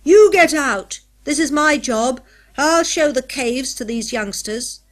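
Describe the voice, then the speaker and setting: A woman's voice: sits high, lively intonation, slow pace, voice pushed up. A woman voicing a big, surly man roaring in fury. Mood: furious. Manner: roaring and shouting.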